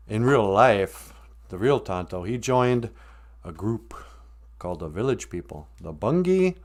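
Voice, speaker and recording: A man from Minnesota, telling a loose, joking, rambling story on a live stream. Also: mid-range voice.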